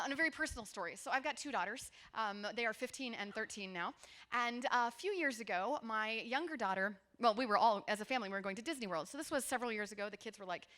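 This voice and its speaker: Woman, 40s, workshop presenter, conference talk, bright forceful voice, lively conversational delivery. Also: on the high side. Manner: lively, conversational storytelling with asides to the audience. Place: conference room with a seated audience.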